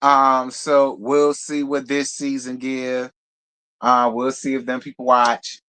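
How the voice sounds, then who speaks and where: A man hosting a live reality TV review in casual commentary, sassy and blunt, with profane, animated asides. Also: medium pitch, takes it slowly, smooth.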